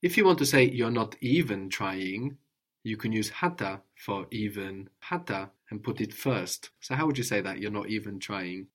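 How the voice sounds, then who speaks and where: Male tutor, calm and patient; drills the student with short prompts and tag questions. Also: fairly low pitch, normal speed. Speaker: language teacher. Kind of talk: one-on-one language lesson.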